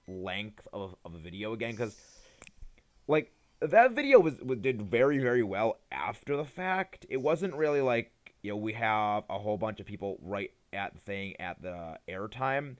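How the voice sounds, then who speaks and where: A tired young man chatting casually on a live game stream, rambling and hesitant, often restarting his sentences. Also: medium pitch. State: tired, yawning.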